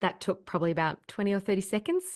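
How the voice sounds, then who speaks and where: A woman trainer narrating a recorded software tutorial step by step at her desk microphone, upbeat and explanatory. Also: medium pitch, sing-song, racing, no room sound, clean studio sound.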